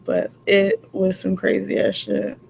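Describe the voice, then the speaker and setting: A woman co-host adds laid-back comments to her friend's storytelling in a casual chat. Her voice has a gravelly edge, and faint noise hums behind it. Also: mid-range voice, completely flat delivery, a little slow, darkish tone. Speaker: podcast co-host.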